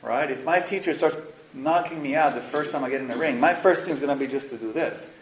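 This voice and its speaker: A man's voice: fairly high pitch, quick pace. A man leading a spiritual workshop, talking frankly and casually, with slang and the odd curse word. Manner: frank, animated, mixes slang and swearing. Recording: roomy echo, faint noise.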